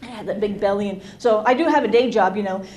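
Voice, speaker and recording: A woman's voice: mid-range voice, fast talker. A middle-aged woman doing stand-up comedy and working the crowd, brash and self-mocking, often laughing. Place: comedy club stage. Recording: live club with loud crowd. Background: audience laughter and chatter.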